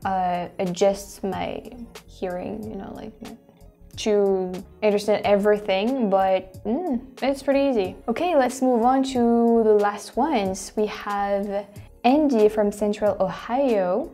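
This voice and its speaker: A woman's voice: mid-range voice, slow pace, dark tone, faint music behind. A woman with a French accent, a native French speaker, hosting a vlog and thinking aloud with many restarts and fillers. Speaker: host. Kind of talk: casual vlog commentary.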